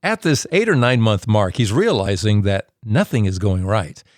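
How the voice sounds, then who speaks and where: Low-voiced male host, dry sound. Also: lively intonation, normal speed, no room sound. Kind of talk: scripted narration and interviewing.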